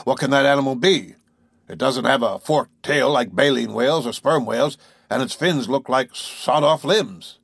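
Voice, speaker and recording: Guy doing a pumped-up sailor harpooner, raspy, real dry sound. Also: mid-range voice, normal speed, no echo. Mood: excited. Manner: excited, exclaiming. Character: eager burly male harpooner, excitable.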